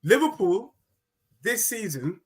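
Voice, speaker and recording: A man's voice: high-pitched, big pitch swings, slow pace, slightly rough. A man hosting a fan call-in stream, teasing and talking over his callers in casual banter.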